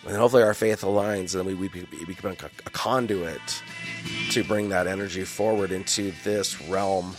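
This scripture reader's deep voice is fairly even in intonation and moderate in pace, set over music. He reads Bible passages aloud, then breaks in with wisecracks and slangy commentary between the lines.

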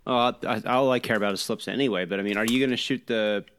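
A man's voice: lowish voice, steady tone, quick pace, a bit bright, slight background noise. A man co-hosting a casual chat, teasing and sarcastic in his banter. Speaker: podcast co-host.

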